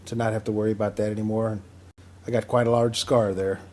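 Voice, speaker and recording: A man in his fifties telling a personal story in a measured, wry, self-deprecating way. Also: on the low side, level tone, darkish tone. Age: 50s.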